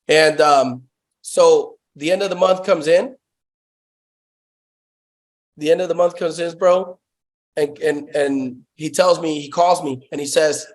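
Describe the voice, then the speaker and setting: A fairly high-voiced man spins an excitable, slangy story as an interview guest, cursing casually and dropping bro into nearly every sentence. He talks over a Bluetooth headset on a call. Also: takes it slowly, pauses often. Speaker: guest, sales founder.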